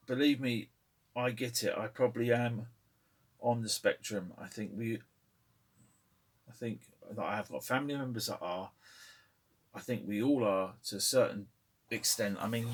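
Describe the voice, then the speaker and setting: Rambling husky middle-aged man. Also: medium pitch, moderate pace. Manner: rambling, hesitant, with many fillers and chuckles. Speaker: channel host. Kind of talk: casual opinion vlog.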